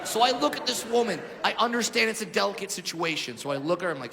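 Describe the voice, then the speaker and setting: A high-pitched man does stand-up comedy into a handheld mic. He barrels through his story, going quiet for asides and shouting the punchlines. A long reverb and a laughing crowd carry through the club recording. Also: quick pace, hardly any pauses, heavy background noise. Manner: loud, animated storytelling that swings between hushed asides and shouted punchlines. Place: comedy club stage before a live audience.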